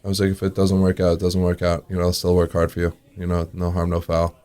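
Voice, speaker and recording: A restaurant owner tells casual stories during an interview in a low, completely flat voice that is fast and mellow with a clean tone. He acts out the quoted dialogue in his anecdotes and chuckles often.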